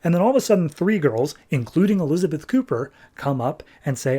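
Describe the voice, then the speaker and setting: Man recapping a comic, animated. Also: on the high side, breathy edge. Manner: animated, exasperated nitpicking, quick paraphrased dialogue. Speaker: podcast host reviewing comics.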